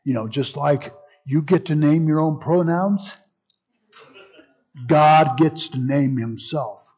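A man's voice: fairly high pitch, slow, a little mellow. A man teaching a Bible class in a conversational way, with frequent asides and restarts. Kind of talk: casual teaching talk.

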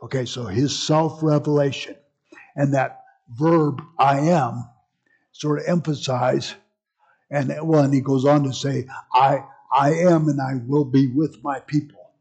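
Slow, husky man teaching a class. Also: medium pitch, steady tone, a little mellow, lo-fi sound. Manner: conversational, with frequent restarts and asides. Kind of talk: casual teaching talk.

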